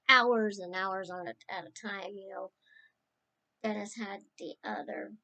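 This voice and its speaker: Slow, rambling woman sharing fond memories. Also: mid-range voice, pushed and bright. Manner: rambling and tender, drifting between stories. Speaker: niece sharing memories of her late uncle. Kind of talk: casual spoken remembrance.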